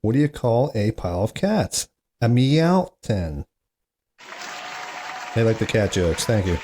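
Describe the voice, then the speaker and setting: A man hosts a one-man comedy podcast and reels off terrible jokes. His voice is mellow and dark, and it swoops around a lot between the punchlines. He mocks himself along the way, complaining about his own material. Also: lowish voice, animated, fairly quick, slightly rough, some chatter behind. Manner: self-mocking, groans at his own bad jokes, chatty asides. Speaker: podcast host. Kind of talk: solo comedy podcast, reading corny jokes.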